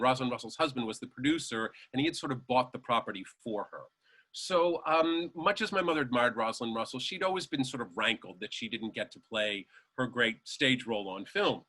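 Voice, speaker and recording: A man with a bright, forceful voice of middle pitch tells show-business stories as an interview guest. He slips into the voices of the people he quotes and laughs as he goes. His delivery is lively and animated. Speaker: guest storyteller. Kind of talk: anecdotal interview storytelling.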